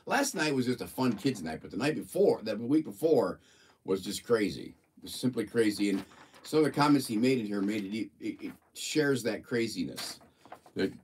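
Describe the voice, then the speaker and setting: Lively-voiced man, talking from off the mic. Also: mid-range voice, slightly rough, recorded from a distance. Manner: chatty, amused, playful mimicking of voices. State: a bit of a frog in his throat. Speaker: livestream host. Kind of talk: casual chat and reading a viewer's report aloud.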